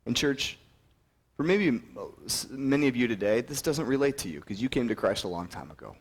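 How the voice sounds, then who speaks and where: A young man delivering a sermon at a mid-range pitch. He tells stories with energy and acts out the characters' lines, then turns quiet and earnest when he calls the listeners to respond. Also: fairly quick. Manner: animated storytelling, acting out quoted voices; drops to a soft, earnest low voice when appealing. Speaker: preacher.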